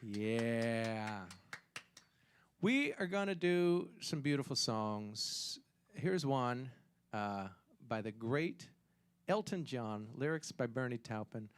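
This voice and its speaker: A man hosting a live showroom music show, joking with the crowd in comic patter and swooping up in pitch on punchlines. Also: lively intonation, takes it slowly, clear, resonant tone. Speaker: show host and singer.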